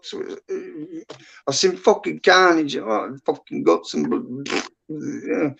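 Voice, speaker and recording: A man's voice: fairly high pitch, very animated, slow pace, gravelly, a bit bright, slight background noise. A middle-aged man, rambling bluntly and swearing a lot as a guest in casual livestream chat. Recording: dull lo-fi stream audio.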